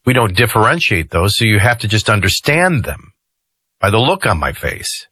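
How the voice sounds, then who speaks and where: A male talk radio host speaks in a forceful, somewhat husky voice with a low pitch. He talks in a loose, conversational way and throws in jokey asides. The sound is close and dry, straight from a studio mic. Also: very animated, fairly quick, no echo.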